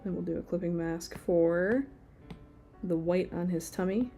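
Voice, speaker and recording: Mellow, chatty woman sketching. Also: fairly low pitch, unhurried, soft background music. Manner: rambling, chatty, lots of "like" fillers. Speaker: artist streaming live. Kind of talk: casual chat while drawing.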